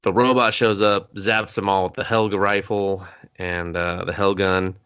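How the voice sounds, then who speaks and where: A man co-hosting a casual comedic movie recap podcast, animated and swearing freely as he retells scenes. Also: sits low, normal speed, smooth, lo-fi sound. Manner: animated, swears freely, mimics characters mid-story. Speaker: podcast co-host, movie reviewer.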